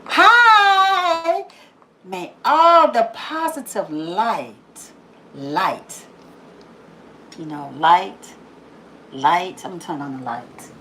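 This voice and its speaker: A woman hosting a daily positive-message video, talking casually, laughing often and repeating phrases for emphasis, then softening into slow prayer. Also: on the low side, big pitch swings, slight background noise, low-quality recording. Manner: drops to a soft, slow prayerful tone. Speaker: YouTube host giving a daily positive message. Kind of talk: casual inspirational monologue.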